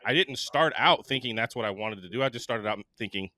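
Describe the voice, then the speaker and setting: An enthusiastic man on a podcast who chats and laughs easily while telling a travel story. His voice is bright and forward, and the recording is close and dry. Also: fairly low pitch, fairly quick, dry recording. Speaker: podcast co-host. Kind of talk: casual chat.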